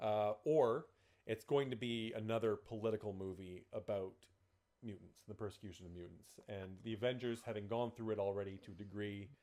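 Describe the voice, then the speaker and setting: A man's voice: lowish voice, fairly even intonation, brisk, warm tone. A man co-hosting a podcast in casual chat. He rambles, swears freely and keeps steering the topic. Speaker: podcast co-host.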